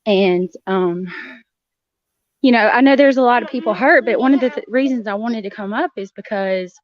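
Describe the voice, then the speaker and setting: A middle-aged woman, talking earnestly and haltingly on a livestream panel from her car. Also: on the high side. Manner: earnest, halting, with many fillers. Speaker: juror on a panel. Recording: dull, lo-fi, dry call audio from a car.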